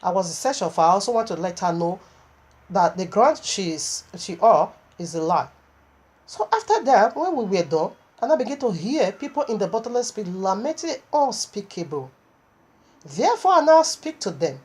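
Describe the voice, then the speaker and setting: A woman's voice: medium pitch, very animated, moderate pace, darkish tone, husky. A woman preaching a sermon, impassioned and repetitive, with stammering restarts as she recounts a vision.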